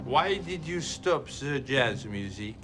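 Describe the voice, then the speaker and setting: A man's voice: medium pitch, lively intonation, slow, over music. An actor playing a cocky French male racing driver with a put-on French accent, smug and theatrical.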